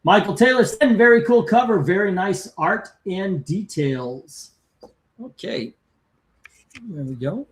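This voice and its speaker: The host of a live comic-cover ranking stream, a man with a high voice, talks slowly but animatedly. He keeps things casual, chatting and reading viewers' comments and scores aloud.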